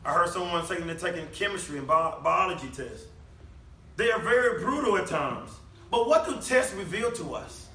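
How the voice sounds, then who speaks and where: A high-voiced man preaches a conversational sermon, leaning on rhetorical questions. His tone is bright and ringing. He sounds set back from the mic in an echoey room with faint background hum. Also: recorded from a distance. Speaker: pastor.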